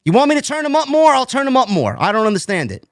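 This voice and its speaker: Host, male, higher voice, blunt and fed up, dry close mic. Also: wildly swooping pitch, fast, dry recording. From New York. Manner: blunt, exasperated, swears freely. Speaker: podcast host. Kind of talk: casual wrestling review chat.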